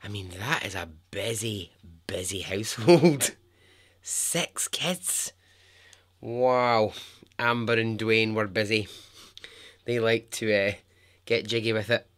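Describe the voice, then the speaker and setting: A Scottish man hosts a podcast, spinning a true story in a relaxed, jokey manner and chuckling often at his own humor. His voice is on the low side and a touch bright, moving slowly with long pauses.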